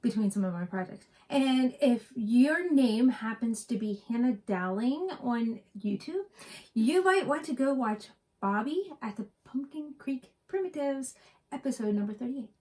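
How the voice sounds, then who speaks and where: A woman's voice: a little high, lively intonation, a little slow, darkish tone. A middle-aged woman from West Virginia co-hosting a cross-stitch vlog, chatting and telling rambling stories. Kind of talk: casual chat.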